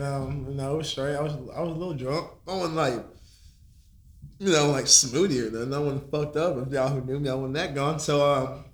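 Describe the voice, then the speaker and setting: A man's voice: on the high side, fairly bright tone, echoey room. Slangy, laid-back young man telling a story. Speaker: podcast guest. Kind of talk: casual storytelling.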